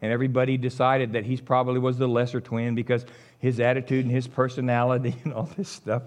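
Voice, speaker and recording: A middle-aged man, preaching a sermon as an animated storyteller who chuckles along. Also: mid-range voice, fast talker.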